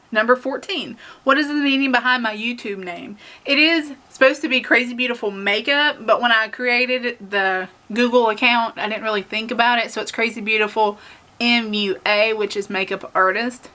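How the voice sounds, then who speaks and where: A woman's voice: on the high side, fairly even intonation, normal speed, bright, forceful tone. A young woman with a Southern US accent chatting casually to camera, rambling with lots of fillers and laughs. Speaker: beauty vlogger.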